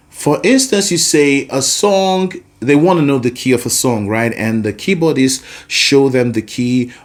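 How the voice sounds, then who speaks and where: Man, vocal coach, singing lesson, slow and deliberate, lightly high voice, animated. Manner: animated, explains patiently with asides. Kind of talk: singing lesson with sung demonstrations.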